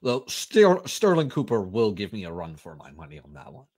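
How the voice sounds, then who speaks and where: A man's voice: fairly low pitch, huge pitch swings, normal speed, darkish tone. A man co-hosting a casual livestream chat, joking and laughing easily. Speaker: podcast co-host.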